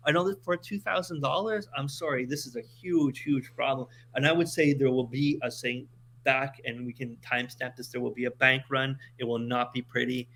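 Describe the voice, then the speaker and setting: A man's voice: medium pitch, normal speed. A man from Montreal chatting casually on a podcast, telling stories with lots of restarts and repeated words. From Montreal, Canada. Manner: animated storytelling with many restarts.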